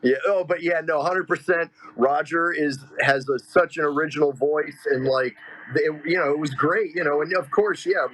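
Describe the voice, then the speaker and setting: A man's voice: fairly high pitch, normal speed, low-quality recording. A man in casual podcast chat, telling stories with lots of fillers and swearing. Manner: excitable storyteller, heavy swearing and fillers.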